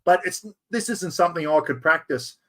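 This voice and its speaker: A man's voice: fairly high pitch, animated, moderate pace. An Australian man hosting a live stream, chatting casually and joking at himself while fumbling with the computer. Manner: chatty, self-mocking, talks to viewers while fumbling with software. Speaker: livestream host.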